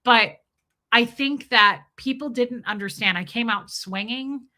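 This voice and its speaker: A woman hosts a livestream, casually chatting and giggling as she reads viewers' comments aloud. Her voice is a little high and sharp in tone, and she speaks a little slowly.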